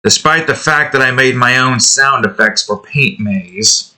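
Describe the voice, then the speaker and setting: A young man rambles casually while he draws, often stopping to correct himself and letting thoughts trail off. His voice is bright and a little tense. He talks slowly and unhurriedly. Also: mid-range voice. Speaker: digital artist hosting a drawing series. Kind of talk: casual chat while drawing.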